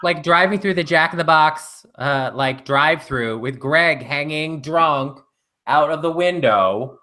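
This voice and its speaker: Bright-voiced man rambling through a story. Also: a little high, measured pace. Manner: rambling storyteller with many fillers. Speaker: co-host. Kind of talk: casual live chat.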